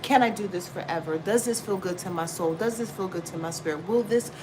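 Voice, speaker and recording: A woman hosting a tarot stream, talking casually and bluntly to her viewers with lots of swearing and quick asides. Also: lowish voice. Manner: blunt, profane, chatty, laughs and exclaims often. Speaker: tarot reader livestream host. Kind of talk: casual spiritual talk to viewers. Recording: steady background noise.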